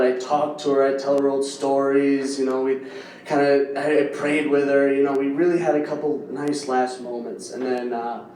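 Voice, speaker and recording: A man performing a stand-up comedy set, telling a story that drops quiet and then bursts into loud yelps. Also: medium pitch, reverberant, distant mic. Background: audience laughter.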